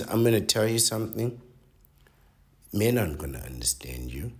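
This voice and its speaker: A man's voice: low-pitched, breathy edge. A man reading out an article and reacting to it with sardonic commentary, lecturing his listeners and often adding "right?".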